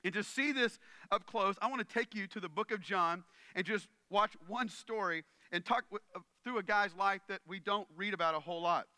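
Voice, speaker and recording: This pastor preaches in a high, very bright, ringing voice at normal speed, earnest and conversational. He keeps turning to the crowd to make sure they're following, and the recording is clean and close with no room echo.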